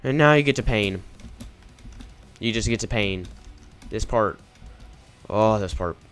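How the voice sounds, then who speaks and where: A man's voice: fairly low pitch, unhurried, a bit bright, soft background music. A young man casually talking through a game walkthrough in a rambling, offhand way. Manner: rambling, casual, easily confused. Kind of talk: casual gameplay commentary.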